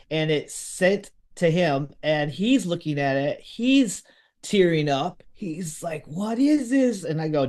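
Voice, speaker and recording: A man with a slightly high voice tells a story with animated energy. He brings the people in it to life by acting out their lines, in easygoing podcast talk. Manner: lively, acts out quotes of others. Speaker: podcast host telling a story.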